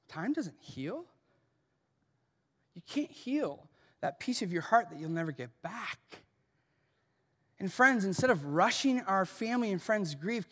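A male pastor with an American accent preaching a sermon, emphatic, rising to loud urgency and dropping to hushed softness. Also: high-pitched. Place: large church auditorium. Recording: long hall reverb.

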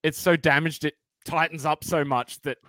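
A man's voice: on the high side, fairly even intonation, moderate pace, sharp tone, no room sound. Male guest, worn voice, casual and profane, dry close sound. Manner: swears freely, earnest and explanatory. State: damaged voice. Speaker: podcast guest, vocalist. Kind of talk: casual explaining chat.

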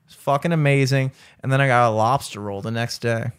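A man hosting a podcast, spinning a travel story in loose, swear-heavy casual chat. His voice sits at an ordinary middle pitch for a man, and he leans on fillers as he rambles and jokes. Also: fairly quick, clear, resonant tone. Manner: profane, animated storytelling with many fillers. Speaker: podcast host.

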